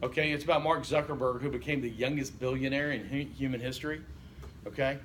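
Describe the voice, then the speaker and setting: A man's voice: medium pitch, steady tone, fast, a bit bright, a little hiss or hum. A male college instructor, giving a casual classroom lecture and quizzing students with lots of okays. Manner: conversational, asks the class questions, frequent okay and you know.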